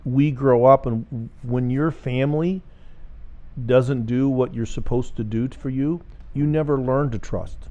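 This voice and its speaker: A man's voice: medium pitch, measured pace, dark tone, lo-fi sound. A man on a faith talk show who chimes in with wry quips and short remarks during a casual chat.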